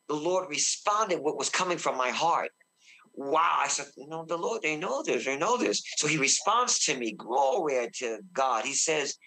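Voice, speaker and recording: A man preaching fervently as a guest minister, shouting bursts of praise and slowing to a deep, solemn tone when he quotes God. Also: animated. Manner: slows and deepens when quoting God. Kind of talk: excited preaching in a talk show interview.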